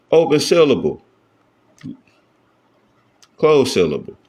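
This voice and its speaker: With an expressive mid-range voice at normal speed, a man who taught himself Hebrew grammar gives a casual, step-by-step lesson. He talks things through loosely and often asks his listeners, "you know what I'm saying?"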